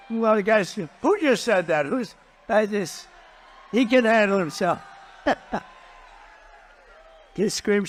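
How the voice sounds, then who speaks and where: A man's voice: high-pitched, expressive, slow pace, long pauses. A man speaking as a political candidate at a campaign rally, blunt and mocking, repeating his points and boasting in asides to the crowd.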